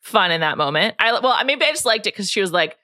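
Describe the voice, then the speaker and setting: A woman's voice: medium pitch, expressive, fast, bright, forceful tone, no echo, clean studio sound. A woman hosting a podcast, chatting casually and laughing easily. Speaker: podcast host. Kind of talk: casual chat.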